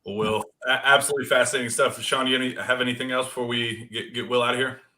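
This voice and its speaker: A man's voice: mid-range voice, flat delivery, fast talker, bright, forceful tone, slight background noise. A man co-hosting a sports podcast, chatting casually and reflectively, often trailing off. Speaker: podcast co-host.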